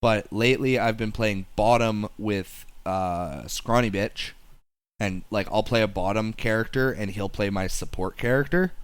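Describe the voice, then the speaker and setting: A man's voice: lowish voice, unhurried, clear, resonant tone, no echo. A man co-hosting a gaming podcast, talking in a rambling casual way with many restarts and fillers. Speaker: podcast co-host. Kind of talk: casual chat.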